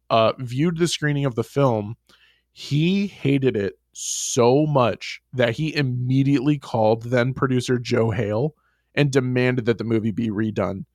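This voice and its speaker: A man co-hosting a podcast in casual chat, telling the story in a lively, swearing way with frequent laughs. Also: medium pitch, dry recording, clean studio sound. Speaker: podcast co-host.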